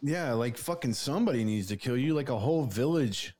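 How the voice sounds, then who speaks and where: A man's voice: mid-range voice, animated, brisk, darkish tone. A man co-hosting a casual podcast, rambling with lots of filler words and frequent swearing. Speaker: podcast co-host. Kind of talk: casual profane chat.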